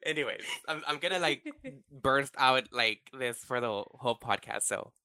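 A man hosting a casual podcast chat, excitable and swearing freely, with sudden high bursts of laughter. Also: normal speed, smooth, dry recording. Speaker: podcast host.

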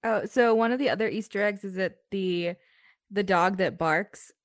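A woman co-hosting a casual podcast chat, telling relaxed stories with plenty of "like". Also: mid-range voice, normal speed, no echo, clean studio sound. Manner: relaxed storyteller, many fillers of "like". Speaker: podcast co-host.

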